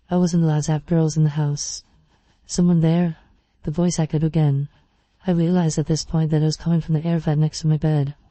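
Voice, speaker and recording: Flat, dark horror story narrator. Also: medium pitch, dry recording. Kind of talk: scripted first-person story narration.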